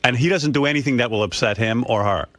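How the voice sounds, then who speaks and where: A man's voice: mid-range voice, quick pace, fairly bright tone, no echo. Male radio host telling a story, emphatic and repetitive, dry studio sound. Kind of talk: casual talk radio storytelling.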